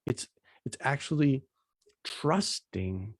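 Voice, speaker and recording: A man's voice: medium pitch, animated, slow pace, slightly rough, no room sound. A man casually teaching a Bible passage, retelling its scenes in plain, everyday slang as he walks through slides.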